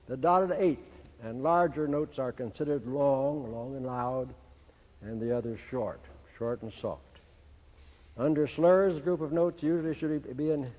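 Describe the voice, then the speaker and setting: An older man from the United States, a band conductor, giving a measured, didactic talk and singing syllables to demonstrate. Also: medium pitch, a little mellow, in a large hall. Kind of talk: instructional talk.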